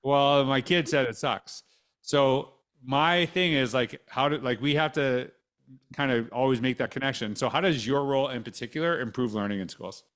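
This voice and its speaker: A man's voice: mid-range voice, normal speed, fairly bright tone. A man hosting a podcast interview in a casual, conversational way, rambling through restarts and dropping dry sarcastic asides. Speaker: podcast host.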